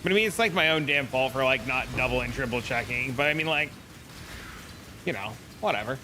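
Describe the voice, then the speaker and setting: A man's voice: mid-range voice, expressive, a little fast, background noise. A young man streaming a game, chatting loosely with viewers in slangy, casual talk. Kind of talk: casual live-stream chat.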